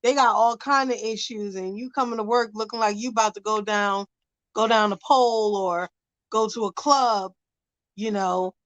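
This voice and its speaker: A woman's voice: medium pitch, steady tone, normal speed, a bit bright, no echo, low-quality recording. A woman on a video call, chatting casually in a panel with a hesitant manner, lots of fillers and laughs between her points. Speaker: panel guest. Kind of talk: casual chat.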